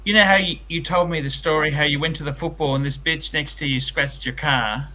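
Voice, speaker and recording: A man's voice: on the high side, steady tone, fairly quick, pushed and bright, poor audio. A man chatting eagerly and repetitively with friends on a call. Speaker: channel host. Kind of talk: casual call-in chat.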